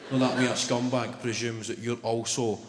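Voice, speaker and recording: Stand-up comic in an echoey hall. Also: male voice, medium pitch, normal speed, noisy background. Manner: animated storytelling, bursts loud on punchlines. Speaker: stand-up comedian. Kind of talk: stand-up comedy set. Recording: echoey hall with loud crowd.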